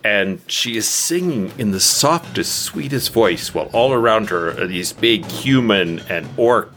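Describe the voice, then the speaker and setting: Casting: lower-pitched male dungeon master, descriptive, easy laughs, faint music bed. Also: animated, unhurried, a bit bright. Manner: descriptive, laughs easily mid-narration. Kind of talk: narrating a tabletop game.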